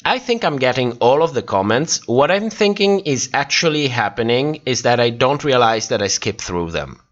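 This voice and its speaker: A man's voice: medium pitch, very animated, normal speed, fairly bright tone, muffled recording. A tired man hosting a livestream, casually chatting and reacting to viewers' comments while laughing often. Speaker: livestream host. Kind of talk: casual chat reading live comments.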